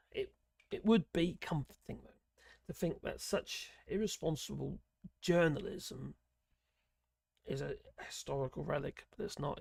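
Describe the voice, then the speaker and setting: A man with a somewhat high voice reads an article aloud, stumbling over words and filling gaps with many ums. He breaks off for sarcastic asides as a political channel host. The sound is dry and close. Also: creaky, no echo. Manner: halting reading, many fillers, sarcastic asides. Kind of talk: reading an article aloud with commentary.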